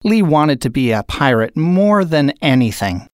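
A woman narrator reading a children's picture book aloud in an expressive, unhurried way. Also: sits low, no room sound, studio quality. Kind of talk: storybook read-aloud.

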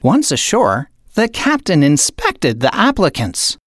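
A woman narrating a children's storybook aloud in a slow, expressive read-aloud manner. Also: low voice, no room sound, studio quality.

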